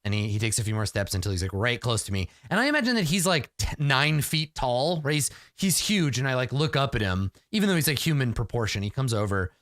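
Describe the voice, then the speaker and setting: A man narrating his solo tabletop game in a casual, halting way, full of "like" and restarts. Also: medium pitch, very animated, a bit bright, no echo, studio quality.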